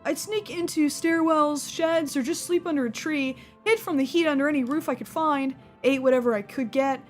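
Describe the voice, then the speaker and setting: A woman's voice: sits high, fairly bright tone. Woman reading a prickly young drifter kid. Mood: weary. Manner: snappy, defensive.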